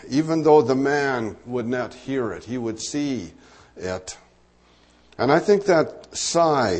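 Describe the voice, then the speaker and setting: A man's voice: medium pitch, darkish tone. A man preaching a sermon, teaching through a Bible passage in a conversational way, with asides and fillers.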